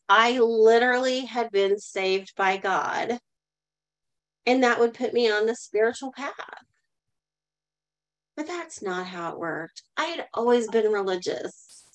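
Middle-aged woman, kinda high voice, telling her story straight to people watching online. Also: animated, a little slow, fairly bright tone, poor audio. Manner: earnest storytelling, asks the audience to type in the chat. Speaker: guest speaker. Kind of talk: personal story told in a live online talk.

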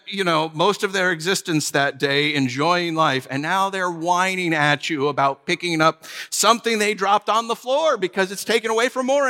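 Male pastor, storytelling sermon, bright and a bit high, long hall reverb. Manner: conversational, joking, acts out little stories.

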